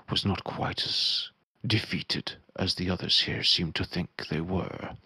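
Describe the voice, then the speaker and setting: A grave, secretive old wizard, as a game master puts him on, speaking in a very low, gravelly and husky voice. He talks slowly and with weight, in a dry, close-miked sound. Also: pushed and bright, no echo, exaggerated voice. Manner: slow, measured, grave.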